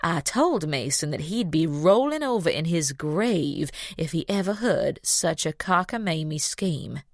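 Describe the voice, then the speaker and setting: A woman's voice: low voice, animated, a little slow, no echo, clean studio sound. A woman voicing an older wealthy Southern belle mother with a sweet cooing drawl and a Southern US accent.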